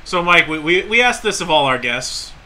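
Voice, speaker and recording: A man's voice: on the high side, animated, normal speed, bright, forceful tone, a little hiss or hum. A man co-hosting a live podcast in casual chat, playful and giggly, asking the guest questions. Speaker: podcast co-host.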